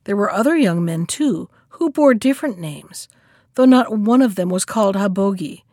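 A woman reading a fairy tale aloud in a measured, expressive storytelling manner. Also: on the high side, no echo, clean studio sound.

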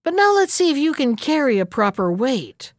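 Big contemptuous giant, gruff storybook voice, as a woman puts him on. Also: high-pitched, big pitch swings, normal speed, no room sound, clean studio sound, pitched above the performer's own voice. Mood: scornful. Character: huge scornful male giant.

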